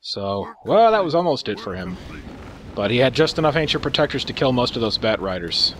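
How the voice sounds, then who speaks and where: Sarcastic man with lively pitch. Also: brisk, slight background noise. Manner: sarcastic, profane, amused. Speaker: commentator. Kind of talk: gameplay replay commentary.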